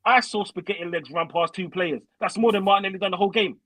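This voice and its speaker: A young man rants hotly as a fan caller, swearing freely and slipping into slang. His voice sits high and bright, with a husky edge. It sounds dry and close. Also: fast talker, no echo, rough recording. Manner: swearing, heated, uses slang. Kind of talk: angry fan rant.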